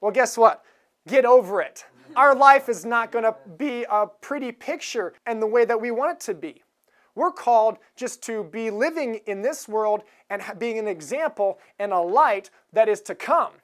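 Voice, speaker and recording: A woman's voice: on the high side, lively intonation, normal speed. A woman giving a sermon in a conversational manner, chuckling now and then as she tells stories. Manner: conversational, chuckles while retelling a film scene. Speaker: preacher.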